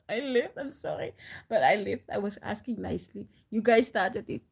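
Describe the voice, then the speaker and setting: A woman chatting on a live stream, telling stories in an animated, rambling way with restarts and frequent laughs, into a phone. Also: a little high, brisk, husky. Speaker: livestreamer. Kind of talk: casual storytelling on a live stream.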